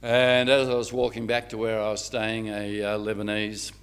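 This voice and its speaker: Man, lower pitch, lecturing reverend, storytelling, rhetorical questions. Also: completely flat delivery, normal speed, fairly bright tone, smooth.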